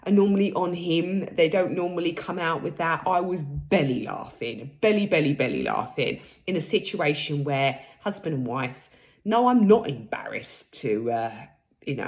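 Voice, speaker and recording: A woman in her thirties telling a frank, laughing story in a casual vlog, acting out what people said. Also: very deep voice. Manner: chatty, frank and laughing, acts out quotes. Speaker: vlogger.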